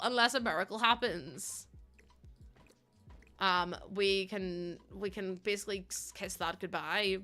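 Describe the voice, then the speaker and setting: A woman's voice: medium pitch, sharp tone. A young woman chatting casually with her live-stream viewers, bubbly and giggly. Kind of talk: casual live-stream chat while playing.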